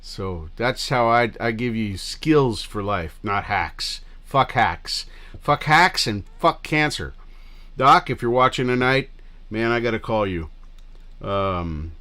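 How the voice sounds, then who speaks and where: A man's voice: on the low side, bright, forceful tone. A middle-aged man hosting a livestream, chatting casually with viewers in a rambling, scattered way and swearing freely. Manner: rambling and scattered, loose with profanity. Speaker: livestream host.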